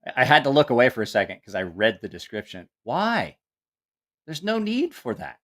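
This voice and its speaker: A man's voice: medium pitch, huge pitch swings, moderate pace, fairly bright tone. Profane, incredulous man hosting a live stream. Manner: incredulous, profane, mocking rants with laughter. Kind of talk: casual live-stream commentary.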